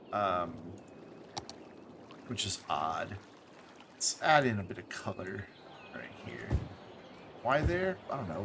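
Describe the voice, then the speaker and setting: A man streaming a city-building game, thinking aloud in relaxed commentary with small asides. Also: on the low side, slight background noise.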